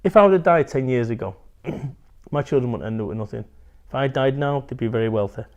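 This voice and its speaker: A man's voice: mid-range voice, lively intonation, fast, darkish tone, lo-fi sound. A man, a motivational speaker talking bluntly and animatedly in an interview, swearing freely. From England. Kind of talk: candid interview talk.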